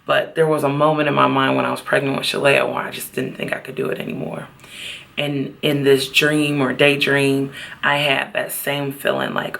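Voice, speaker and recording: A woman talking in a personal vlog outdoors at a beach, halting and heartfelt, at times close to tears. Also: very deep voice, little pitch movement, creaky, a bit bright. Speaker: vlogger.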